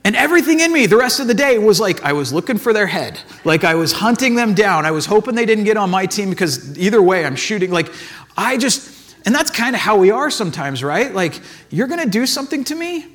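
A man delivers a sermon in an easygoing, chatty way, his voice pitched high for a man and bouncing all over. He tells stories with plenty of "like" and little acted-out asides. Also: big pitch swings, fairly quick, a bit bright. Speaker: pastor. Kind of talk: casual conversational sermon.

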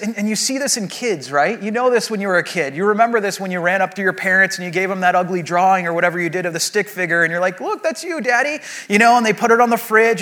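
Bright-voiced conversational male pastor. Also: high voice. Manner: conversational and anecdotal, with many fillers and restarts. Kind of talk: sermon.

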